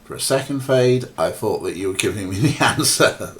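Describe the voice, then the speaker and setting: A man's voice: on the low side, animated, moderate pace. A man streaming a point-and-click game, talking casually and rambling with many fillers while chatting to viewers and his cats. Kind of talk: casual let's-play commentary.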